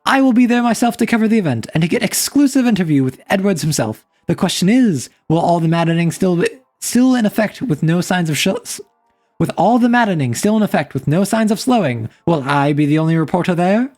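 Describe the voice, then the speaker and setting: A woman's voice: fairly low pitch, lively intonation, fairly quick, a little mellow, lightly acted. A woman voicing an old-timey newspaper reporter who reads out a formal news bulletin. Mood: declamatory. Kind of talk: in-character news reading.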